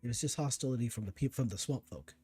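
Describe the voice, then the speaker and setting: A man's voice: mid-range voice, fast talker, a little mellow, breathy edge, faint music behind. A man giving casual let's-play commentary, chatting to himself and teasing enemies as he plays. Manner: chatty, talks to himself and to enemies while playing. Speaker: gaming streamer.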